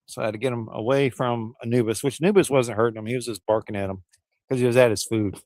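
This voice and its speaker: Male streamer, mid-pitched, folksy and rambling, slightly out of breath, dry outdoor sound. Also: fairly even intonation, quick pace, darkish tone, no echo. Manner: rambling, folksy, addresses viewers as y'all. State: a little out of breath. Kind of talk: casual live-stream chat. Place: outdoors by a smoker.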